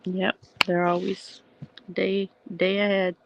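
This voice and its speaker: A woman's voice: medium pitch, level tone, slow, gravelly, background noise. A woman hosting a casual livestream, rambling chattily at night from home and answering viewers' comments. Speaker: livestream host.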